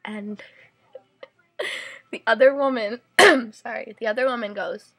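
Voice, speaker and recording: A woman's voice: on the high side, takes it slowly, sharp tone, breathy edge. A young woman vlogger telling a story to her camera in a chatty way, full of fillers and "like"s. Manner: chatty, many fillers and "like"s, indignant rant.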